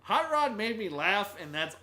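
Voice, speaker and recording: A man's voice: high voice, sing-song, moderate pace, bright, forceful tone. A man co-hosting a podcast, chatting casually about a comedy film, often laughing and quoting lines from it. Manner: laughs often, quotes lines in put-on voices. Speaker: podcast co-host. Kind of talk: casual movie discussion.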